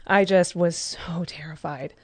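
A woman's voice: lowish voice, fairly even intonation, a little slow, darkish tone, breathy edge, no room sound. A woman in her thirties telling a personal story in a casual group discussion, candid and emotional. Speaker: discussion participant.

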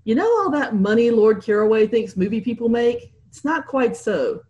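A woman's voice: a little high, lively intonation, moderate pace, darkish tone, dull audio, close to an everyday voice. A woman voicing a breezy, modest young actress who talks lightly. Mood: anxious.

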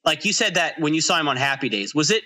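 A man's voice: fairly high pitch, very animated, quick pace, bright, forceful tone. An American man co-hosting a podcast, talking reflectively in casual chat and laughing readily. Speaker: podcast co-host.

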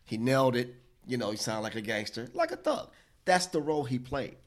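A man co-hosting a casual discussion, telling a story in an animated way and acting out the quotes. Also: mid-range voice, a little fast.

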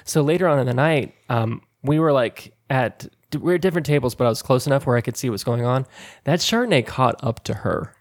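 A man's voice: mid-range voice, brisk. A man on a podcast, chatting casually and telling a long story, laughing often and acting out what people said. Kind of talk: casual chat.

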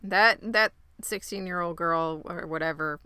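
A woman's voice: lowish voice, unhurried, pushed and bright, smooth, no echo, studio quality. A woman co-hosting a podcast, giving wry, eye-rolling commentary while she recaps a show. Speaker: podcast co-host. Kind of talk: casual chat.

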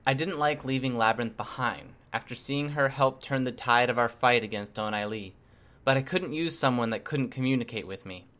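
A man narrating a first-person novel chapter in a steady, measured reading voice. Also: mid-range voice. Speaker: audiobook reader.

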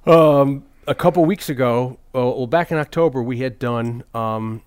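A man co-hosting a casual movie podcast, rambling and animated as he talks, with quick restarts. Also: medium pitch, clear, resonant tone, no room sound. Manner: rambling, animated, slips into silly impressions. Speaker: podcast co-host.

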